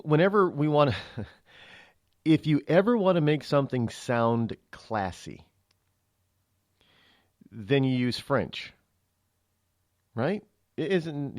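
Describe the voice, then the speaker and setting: A man's voice: medium pitch, no echo. Guy hosting talk radio, chatty and rambling, keeps restarting his sentences, plain mid voice, dead dry studio mic. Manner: rambling, with many restarts and fillers. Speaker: radio talk show host.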